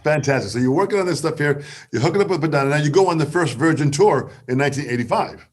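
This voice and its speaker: Brief: male panel host, slightly high voice, affirms and sums up the guest's points. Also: animated, fast. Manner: summarizing, affirming. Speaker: interviewer. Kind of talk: interview.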